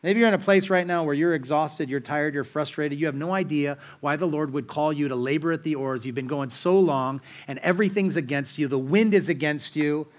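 A man's voice: on the high side, fairly quick, hardly any pauses. A man preaching a sermon in a conversational, storytelling way, full of rhetorical questions to the listeners. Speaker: pastor.

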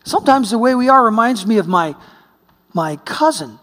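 A man from the United States preaching a sermon, telling a story, swinging between hushed and exclaiming. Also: very high voice, expressive, normal speed. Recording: long hall reverb.

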